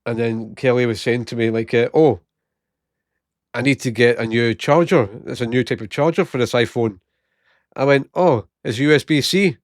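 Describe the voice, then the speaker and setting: A man's voice: mid-range voice, moderate pace, no room sound, clean studio sound. Laughing Scottish man in his thirties. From Scotland. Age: 30s. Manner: laughs often while telling stories, puts on voices for quoted people. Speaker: vlogger. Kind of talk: casual storytelling.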